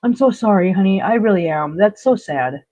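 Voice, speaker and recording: A woman's voice: mid-range voice, animated, moderate pace, dark tone. An emphatic woman talks straight to her viewers on a live stream, calling things as she sees them and repeating herself for weight. Her voice sits mid-range, and the stream audio is slightly dull and lo-fi. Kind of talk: casual live chat reading viewer comments.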